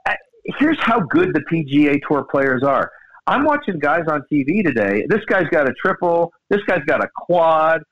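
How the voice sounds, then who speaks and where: A man hosting a golf radio show, telling stories in casual sports chat with a lively, storytelling manner, speaking into a studio microphone. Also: moderate pace, dull audio. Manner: animated storyteller, lively swings in pitch.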